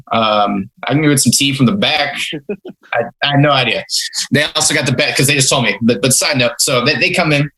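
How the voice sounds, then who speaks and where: A man's voice: mid-range voice, bright, forceful tone, poor audio. A young man hosting a podcast, telling rambling, self-mocking stories about his first jobs in a casual way. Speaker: podcast host. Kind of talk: casual storytelling.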